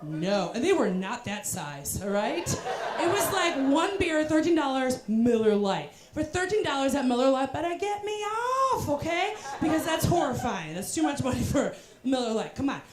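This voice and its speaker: A woman's voice: high-pitched, big pitch swings, moderate pace. A young woman performing a stand-up comedy set, telling self-deprecating stories with voiced asides and punchlines. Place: live comedy venue with audience. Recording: roomy live venue with crowd.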